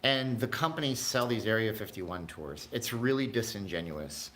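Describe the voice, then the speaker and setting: Rambling low-voiced man hosting a livestream. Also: expressive, moderate pace, a bit bright, slight background noise. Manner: rambling, chatty, jumps between tangents; talks to live chat viewers. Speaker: livestream host. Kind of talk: casual livestream chat.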